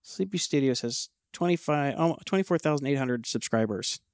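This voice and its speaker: Animated, laughing man co-hosting a podcast. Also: medium pitch, normal speed, dry recording, studio quality. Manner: animated storyteller, laughs often, swears casually. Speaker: podcast co-host. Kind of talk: casual podcast chat.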